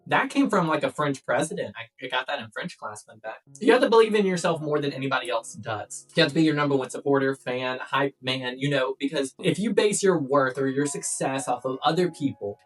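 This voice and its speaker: A young adult woman with a deep, slightly bright voice vlogs life tips casually to camera, blunt and playful, swearing often. She's recorded on a distant mic with background music.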